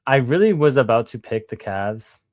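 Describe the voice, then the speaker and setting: A man's voice: mid-range voice, animated, normal speed, a little mellow, no echo. A man co-hosting a podcast, chatting casually about basketball, slangy and rambling, with lots of "bro" and swearing. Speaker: podcast co-host. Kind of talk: casual sports chat.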